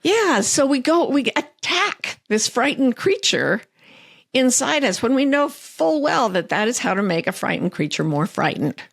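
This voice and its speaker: A middle-aged woman author speaking as an interview guest, earnest and animated as she tells stories and quotes her own self-talk. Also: high voice, a little slow, creaky, dry recording, clean studio sound. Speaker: author and life coach, guest. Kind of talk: interview conversation.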